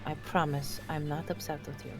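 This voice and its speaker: A woman playing a tabletop game, speaking gently and soothingly in character. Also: sits low, little pitch movement, normal speed, soft background music. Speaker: player. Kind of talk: tabletop game role-play.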